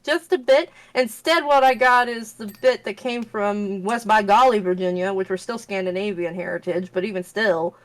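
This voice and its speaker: A woman's voice: mid-range voice, steady tone, normal speed, few pauses, rough recording. A woman with a Midwestern accent, chatting casually and rambling in a self-mocking way while she plays a game. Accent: Midwestern American. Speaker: streamer playing a cleaning game. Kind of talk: casual gaming chat.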